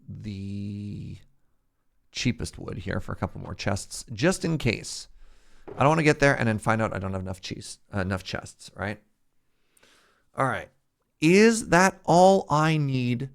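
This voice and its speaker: A man's voice: lowish voice, creaky. A man streaming a survival game, casually joking with viewers and thinking aloud as he builds. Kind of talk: casual gameplay commentary, chatting with viewers.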